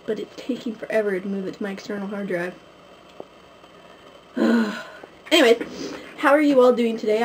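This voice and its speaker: A woman's voice: medium pitch, a little mellow, a little hiss or hum, rough recording. A young woman from Canada chatting casually to her camera at home, rambling with many fillers. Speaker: vlogger. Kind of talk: casual vlog chat to camera. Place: at home, indoors. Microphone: handheld camera, close.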